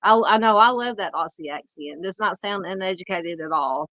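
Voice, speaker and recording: A woman in her forties with a Southern US accent, hosting a true crime livestream and chatting loosely with viewers, halting and full of fillers. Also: fairly low pitch, fairly bright tone, no room sound, highs cut off. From United States. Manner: rambling, halting, lots of fillers while searching the screen. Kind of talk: casual livestream chat reading comments.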